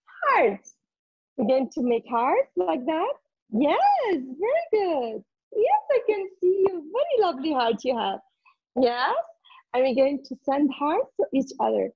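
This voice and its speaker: A very high-pitched woman guides a group through laughter exercises, laughing freely and cheering everyone on. She speaks slowly, with a gravelly edge. The audio is dull and lo-fi, like a video call. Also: no room sound. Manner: laughs often, cheerful and encouraging. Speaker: laughter yoga instructor.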